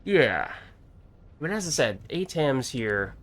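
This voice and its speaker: A man's voice: medium pitch, sing-song, slow, a bit bright. A man in casual gameplay chat as a streamer, thinking aloud and laughing often. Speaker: gaming streamer.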